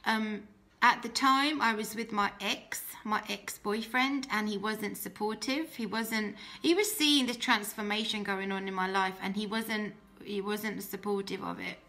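Bright-voiced woman sharing a heartfelt testimony. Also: mid-range voice, measured pace. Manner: earnest and heartfelt, with frequent restarts. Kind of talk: personal faith testimony.

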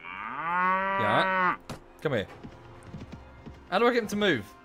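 A man's voice: high voice, sing-song, slow, music in the background. Exasperated man swearing at a game. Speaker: gameplay streamer. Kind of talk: casual gameplay commentary.

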